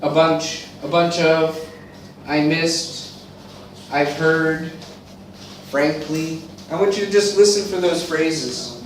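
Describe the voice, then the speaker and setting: An American man with a fairly high voice leads an English class, speaking slowly and repeating words for drill. He is picked up from across an echoey classroom with a faint hum behind him. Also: recorded from a distance. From eastern United States. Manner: slow, deliberate drilling with repetition. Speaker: English teacher. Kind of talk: classroom teaching.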